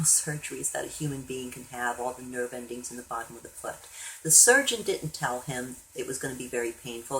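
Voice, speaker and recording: A woman's voice: extremely low pitch, slight background noise, poor audio. A woman hypnotherapist telling a client story in a chatty way, acting out the people she quotes. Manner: chatty, animated when quoting others. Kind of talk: storytelling monologue.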